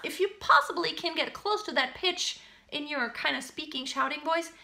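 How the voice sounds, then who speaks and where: Sharp-toned and sitting high, a woman's fairly quick voice alternates spoken vocal coaching with sung examples of a phrase. Faint music plays behind this singing lesson.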